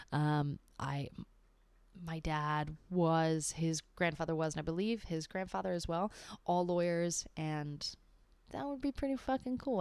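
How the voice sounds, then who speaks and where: A woman's voice: on the low side, a little mellow, dry recording. A young woman chatting alone on a livestream, rambling and swearing freely and sometimes dropping into a whisper. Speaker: livestream host reading a book aloud. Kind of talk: casual solo livestream chat. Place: alone at home.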